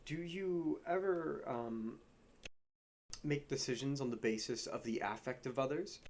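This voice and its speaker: Male interviewer, mid-range voice, relaxed and joking, working through set questions. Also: mid-range voice, unhurried.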